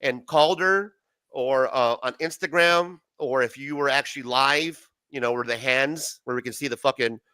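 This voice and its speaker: A man's voice: medium pitch, moderate pace, bright, forceful tone, clear, resonant tone, no echo. A man hosting a casual livestream, reading chat comments aloud with profane, laughing banter. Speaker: livestream host.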